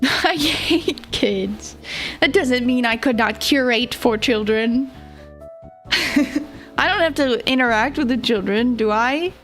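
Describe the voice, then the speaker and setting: A young woman streamer with a somewhat high voice, rambling through a casual story at an unhurried, drawn-out pace. She giggles often between her thoughts, and faint music plays behind her. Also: fairly bright tone. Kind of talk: casual livestream chat.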